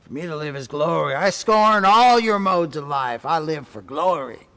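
A boastful Roman soldier in chainmail scoffs in a raised, high-set voice, as a man acts him out from the pulpit. The sound rings with the long reverb of a large church. He is proud and contemptuous. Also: lively intonation, normal speed, a bit bright. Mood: scornful.

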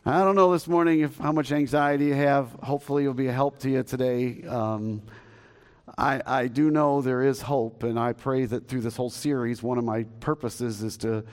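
Smooth and somewhat dark in tone, his medium-pitched voice carries through the church sanctuary as he preaches. He's a pastor in his fifties who jokes and spins folksy stories, often starting over mid-thought.

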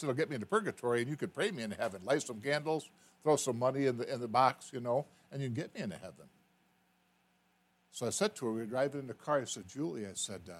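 A male preacher delivering a sermon, his pitch swinging widely as he tells a personal story. He repeats words and builds to emphatic peaks, then drops soft and low. His voice sits at an ordinary middle pitch. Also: breathy edge.

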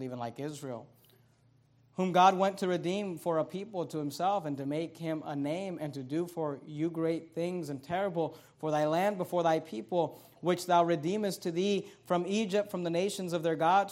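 A man preaching a sermon as pastor, reading scripture aloud and stressing its words with emphasis. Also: fairly high pitch. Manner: emphatic preaching with Bible quotations.

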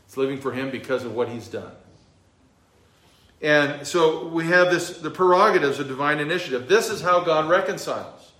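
A man's voice: on the high side, animated, moderate pace, fairly bright tone, reverberant. A male pastor teaching a verse-by-verse sermon, emphatic, with a few fillers. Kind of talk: expository sermon.

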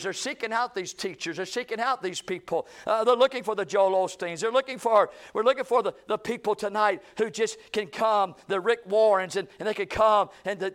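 A man preaching a revival sermon, swinging between loud shouting and hushed low lines.

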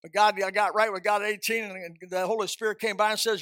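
A man preaching a sermon with fervent, folksy storytelling and repeated phrases, often climbing into high, loud outbursts. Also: fairly even intonation, quick pace, few pauses, no room sound, clean studio sound.

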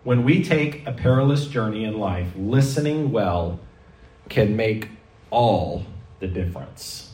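A man preaching a sermon, telling stories in a lively way and acting out the voices he quotes. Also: lowish voice, a little slow. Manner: animated storytelling preacher, acts out quoted voices. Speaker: pastor. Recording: echoey hall, mic at a distance.

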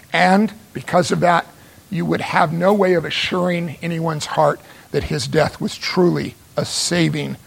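A man delivers a sermon in a high voice with a gravelly edge and a husky grain. He drives points home by repeating phrases and posing rhetorical questions. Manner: emphatic, repeats phrases for stress. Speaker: preacher.

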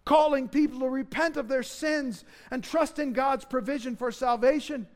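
A pastor delivering a sermon in an earnest, emphatic way, with dramatic rises for key phrases. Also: male voice, very high-pitched, normal speed, few pauses.

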